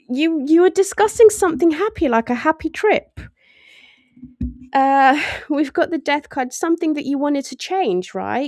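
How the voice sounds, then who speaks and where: A woman talks through a tarot spread in a loose, chatty way, with a slightly high voice. She often laughs and slips into little voices to act out what she senses. The sound is dry and close, with no room behind it. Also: a little mellow, dry recording. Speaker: tarot reader. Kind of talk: casual tarot reading.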